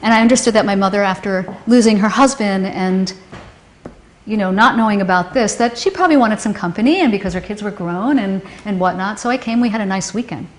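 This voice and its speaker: A woman telling a painful personal story, halting and emotional, often restarting her sentences. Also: medium pitch. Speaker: storyteller recounting a personal loss. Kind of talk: personal testimony. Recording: roomy echo.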